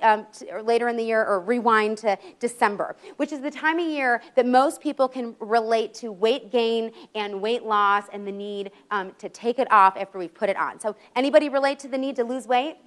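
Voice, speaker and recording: Upbeat woman giving a workshop talk. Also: a little high. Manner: upbeat storytelling with audience questions. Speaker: life coach speaker. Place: conference room with live audience.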